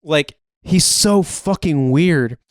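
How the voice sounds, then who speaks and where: A man's voice: a little high, expressive, takes it slowly, dry recording. Man, podcast co-host, casual rambling chat, profane, dry recording. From United States.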